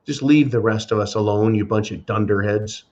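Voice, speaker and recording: A man's voice: lowish voice, moderate pace, a little mellow, highs cut off. A man hosting a podcast, delivering a sarcastic, profane solo commentary rant. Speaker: podcast host.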